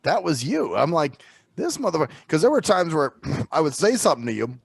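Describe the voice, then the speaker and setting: A man's voice: a little high, sing-song, a little fast, vocal fry, slightly rough, dry recording. A man co-hosting a casual podcast, laid-back and swearing, answering with frequent affirmations. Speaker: podcast co-host. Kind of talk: casual drunken chat.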